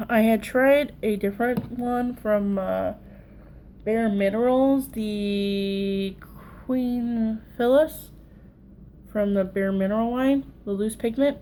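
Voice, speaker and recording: A woman's voice: medium pitch, darkish tone, slight background noise, poor audio. A woman in her thirties with a Southern accent, chatting and rambling through a casual makeup tutorial. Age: 30s. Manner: chatty, rambling, self-deprecating. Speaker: makeup vlogger.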